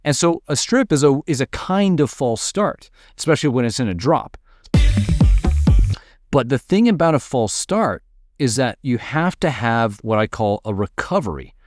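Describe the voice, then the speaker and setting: A man's voice: mid-range voice, lively intonation, moderate pace. A man teaching music production in a casual screen-share tutorial, explaining as he works and checking in with "right?" and "all right".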